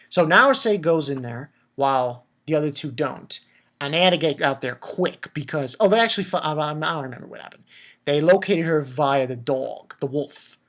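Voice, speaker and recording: A man giving a casual anime episode recap, excitable and profane, stumbling over repeated words. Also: on the high side. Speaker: anime reviewer.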